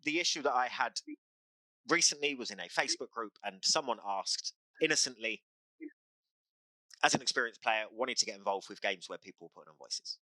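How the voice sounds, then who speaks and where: A man's voice: medium pitch, animated, brisk, pushed and bright, dry recording, rough recording. A man hosting a podcast as a game master, talking in impassioned, emphatic casual chat that repeats phrases for effect.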